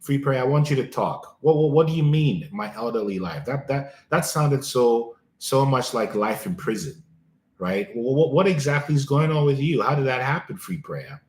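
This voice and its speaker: A man's voice: medium pitch, lively intonation, normal speed, darkish tone, echoey room. A man hosting a live coaching stream, talking emphatically to listeners and repeating his key phrases.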